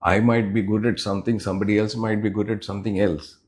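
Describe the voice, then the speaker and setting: A middle-aged man, answering interview questions as a business unit head in a measured, explanatory way with pauses between phrases. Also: fairly low pitch, level tone, darkish tone.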